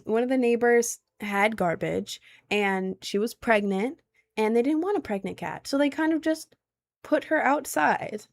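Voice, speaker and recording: Rambling woman from New York. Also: a little high. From New York City. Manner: rambling, lots of filler words. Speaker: streamer. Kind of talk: casual chat reading viewer messages. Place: at home, indoors.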